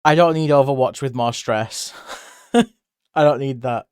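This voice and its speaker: A chatty British man rambles through a casual live stream, laughing often, his voice jumping up when excited. His tone is smooth and clear at a middle pitch. The sound is dry and close, with no room echo. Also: unhurried. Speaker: livestreamer.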